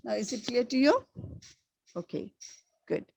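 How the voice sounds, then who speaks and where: Lady teacher going over a lesson, bit of vocal fry, repeats words a lot. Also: on the high side, very animated, no echo. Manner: slow, repeats key words for students. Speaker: schoolteacher. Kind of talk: classroom lesson.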